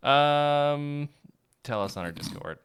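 A man co-hosting a podcast in a playful, jokey way, slipping into bits as he talks. His voice swings widely and has a clear, resonant tone. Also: a little high, lively intonation, slow pace. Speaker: podcast co-host. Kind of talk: casual chat.

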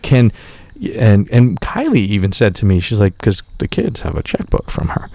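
A man with a low, gravelly voice tells a rambling personal story on his podcast. He swears freely and jumps into the voices of the people he quotes. The sound is close and dry, with no room around it. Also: brisk, no echo. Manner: profane, animated, acts out quotes. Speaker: podcast host. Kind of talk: casual storytelling.

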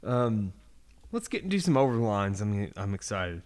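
A man's voice: on the low side, very animated, moderate pace, heavy background noise. A man co-hosting a casual podcast, rambling enthusiastically and swearing a lot. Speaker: podcast co-host. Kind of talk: casual chat.

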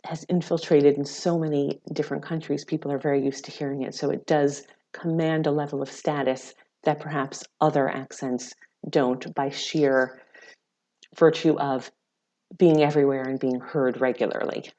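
Low-voiced American woman explaining research. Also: fairly even intonation, mellow. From United States. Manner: measured, explanatory, many fillers. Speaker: researcher guest. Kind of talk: interview answers. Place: lives in the UK.

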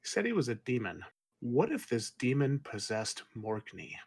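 A man co-hosting a book discussion podcast, calmly and thoughtfully floating his own theories in a relaxed, conversational way. His voice sits at an ordinary middle pitch for a man. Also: normal speed, slightly rough. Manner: thoughtful, speculative, laid-back. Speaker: podcast co-host.

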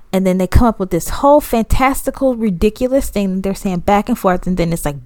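A woman's voice: medium pitch, animated, fast talker, hardly any pauses, a little mellow, dry recording. A woman co-hosting a podcast, talking bluntly and with exasperation in casual chat, swearing freely. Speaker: podcast co-host.

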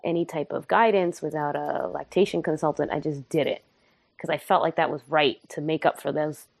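A woman's voice: low-pitched, steady tone, fairly quick, creaky, no echo. A young woman telling a candid, humorous and emotional personal story in casual podcast chat.

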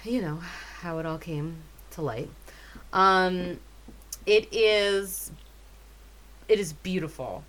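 A woman's voice: on the low side, takes it slowly, long pauses, a bit bright. A woman in her thirties chatting as a podcast co-host, enthusiastic and full of fillers. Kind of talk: casual chat.

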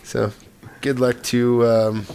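A man's voice: medium pitch, little pitch movement, slow, a little mellow, smooth. A man co-hosting a podcast, chatting casually about gaming news and often trailing off mid-thought. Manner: conversational, trails off and restarts. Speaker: podcast co-host.

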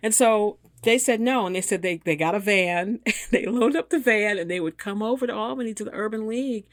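A woman's voice: mid-range voice, fairly quick, no echo. A woman in her fifties, an engineer and guest, telling a story with animation and acting out the voices of the people in it. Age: 50s. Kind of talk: storytelling in a conversation.

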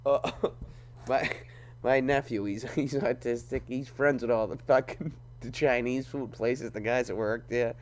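A man's voice: medium pitch, fairly even intonation, measured pace, a little mellow, a little hiss or hum. A man in casual chat, swearing freely, laughing often and breaking into impressions.

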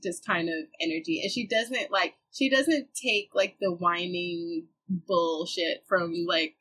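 A young woman with a bright, forward voice and a husky edge to it. She talks in a relaxed, slangy way, full of fillers, and laughs easily as she chats about her music. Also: fairly low pitch, slow pace, rough recording. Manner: laid-back, slangy, laughs often. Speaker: musician guest. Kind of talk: casual chat.

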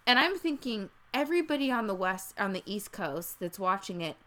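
A woman's voice: medium pitch, sing-song, fairly quick, sharp tone. A woman co-hosting a casual chat, rambling and profane, often restarting her sentences.

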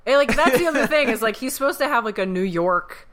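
A woman's voice: a little high, fast talker. A woman co-hosting a podcast, talking in casual, emphatic bursts full of "like". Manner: animated, emphatic ranting with frequent "like". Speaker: podcast co-host. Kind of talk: casual chat.

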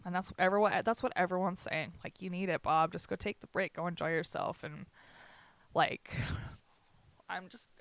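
A young woman talking candidly and haltingly on a casual podcast, with many fillers and restarts. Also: lowish voice, fairly even intonation, a bit bright. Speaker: podcast host. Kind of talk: casual chat.

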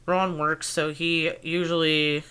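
A woman's voice: deep voice, little pitch movement, pushed and bright, smooth. A woman co-hosting a podcast in casual chat, a little nasal from allergies and a dry mouth, talking in a chatty, rambling way. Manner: chatty, drawn-out storytelling with many "like"s. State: dry mouth, swollen sinus. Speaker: podcast co-host.

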